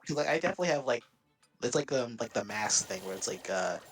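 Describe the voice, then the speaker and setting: A man's voice: medium pitch, animated, fast, soft background music, rough recording. A man chatting casually while gaming, rambling with lots of fillers and giggling often. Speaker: co-host.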